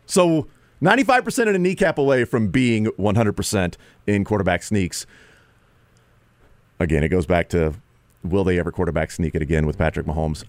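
A man hosting sports talk radio, rambling and animated, who sometimes mimics players in a raised voice. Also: low voice, no room sound.

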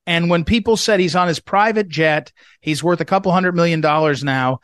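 A man's voice: fairly high pitch, moderate pace, a bit bright, clean tone, no echo, clean studio sound. A man hosting a talk radio show, rambling with many fillers and restarts as he interviews a guest.

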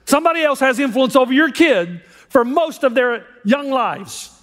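High-voiced preaching man, hall reverb. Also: expressive, normal speed. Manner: impassioned, swings between hushed and emphatic. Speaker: pastor. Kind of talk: sermon. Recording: long reverb of a large hall.

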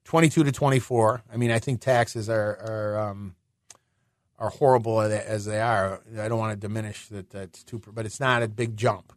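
A middle-aged man hosting a finance radio show, explaining in a chatty way with rhetorical questions and quick restarts. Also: fairly low pitch, fairly even intonation, dry recording, clean studio sound.

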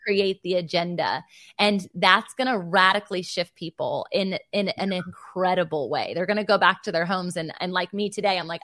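A woman in her thirties hosting a faith podcast, telling a personal story in an animated, emotional way. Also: medium pitch, moderate pace, hardly any pauses, no echo, clean studio sound. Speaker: podcast host. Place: Virginia Beach.

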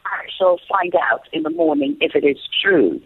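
Lively female guest, husky voice, phone-line sound, animated storytelling. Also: sits low, normal speed, dry recording. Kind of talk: casual storytelling on a call. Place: at home in Sierra Leone.

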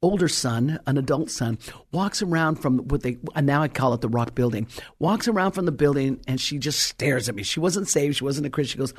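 A middle-aged woman preacher telling a story in a sermon, stressing key words slowly. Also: a bass voice, expressive, breathy edge.

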